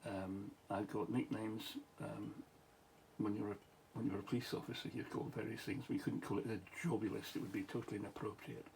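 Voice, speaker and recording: Casting note: tired, middle-aged Scottish man, lowish voice, rambling anecdote with restarts and chuckles, faint hiss behind. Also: level tone, a little fast, creaky, darkish tone, rough recording. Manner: meandering, many restarts and asides, chuckles. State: tired, late at night. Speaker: vlogger, former police officer. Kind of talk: rambling late-night storytelling.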